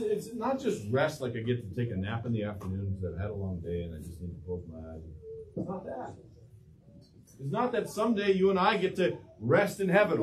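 A man's voice: sits high, distant mic, slight background noise. A male pastor preaching a sermon in a church. He asks the congregation questions and waits for their answers. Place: church sanctuary.

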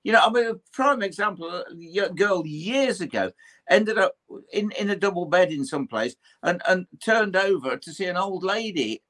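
High-pitched, a bit bright, and lively in intonation, this older English historian and paranormal investigator speaks at normal speed. In conversation, he recounts his own ghost story, voicing its characters and occasionally swearing mildly.

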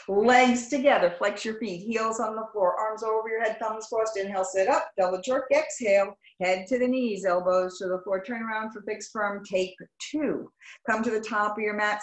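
A woman yoga teacher runs a live class over a video call, firing off short, clipped commands at a medium pitch. The sound is echoey, as if she is in a reflective room. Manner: brisk rapid-fire commands in short clipped phrases; affectionate, greets students warmly by name. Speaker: yoga instructor. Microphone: video call microphone.

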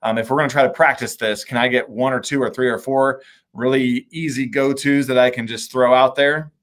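A man's voice: mid-range voice, fairly even intonation, brisk, a bit bright. A man from Indiana hosting a video-call conversation, talking casually and candidly with fillers and restarts. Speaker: mayor, show host.

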